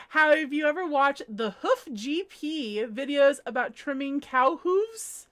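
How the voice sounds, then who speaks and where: A woman's voice: high voice, expressive, takes it slowly, fairly bright tone. A woman chatting casually on a home livestream while crocheting, giggling often and reading viewers' comments aloud. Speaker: livestream host.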